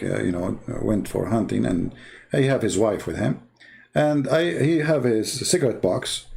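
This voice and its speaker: A man's voice: medium pitch, gravelly, a little mellow. A man giving a mocking, emphatic monologue full of rhetorical questions. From Arab Middle East. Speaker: online commentator. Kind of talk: sarcastic monologue to camera.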